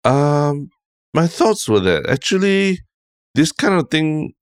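A man with a Singaporean English accent, co-hosting a podcast in casual chat, telling stories in a relaxed, rambling way with frequent "lah". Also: on the high side, slow, smooth, dry recording, studio quality. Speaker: podcast co-host.

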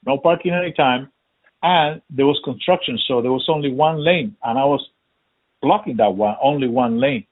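Man, husky, tinny phone-like line, casual profane storyteller who acts out the quotes. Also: mid-range voice, animated, moderate pace.

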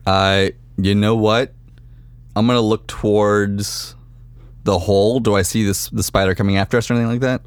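A man's voice: on the low side, steady tone, normal speed, clean tone, no echo. A man playing a tabletop game, casually describing his character's actions step by step. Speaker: player.

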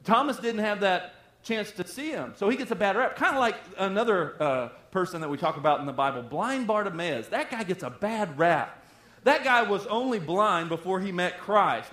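A man preaching a sermon in a conversational way, dropping to a hushed voice for dramatic passages. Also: high-pitched, expressive, moderate pace, echoey room.

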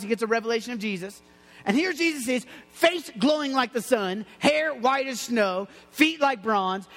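High-voiced jokey preacher in a big hall. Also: male voice. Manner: jokey, excitable, playful asides. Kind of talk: lively sermon.

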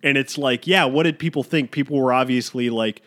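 A man's voice: mid-range voice, a little fast, a bit bright. A young man co-hosting a casual film podcast, rambling and swearing a little as he acts out quotes. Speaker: podcast co-host.

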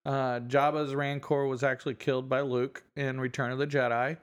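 A man's voice: mid-range voice, flat delivery, normal speed, smooth. A man co-hosting a podcast in casual chat, talking about a show with many restarts and frequent laughs. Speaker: podcast co-host.

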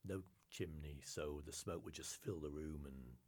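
A male storyteller telling a folk tale in a measured, dramatic way, often dropping to a hushed whisper. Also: a bass voice, breathy edge. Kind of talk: live storytelling performance.

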